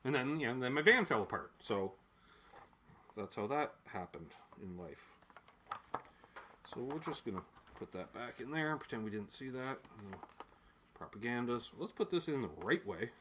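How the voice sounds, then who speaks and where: Man, from Canada, casual gear unboxing, rambling and jokey, swears, lively swinging pitch, bright forceful tone. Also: normal speed, pauses often, slight background noise. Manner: rambling, jokey, swears freely, voices quoted people. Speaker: gear vlogger.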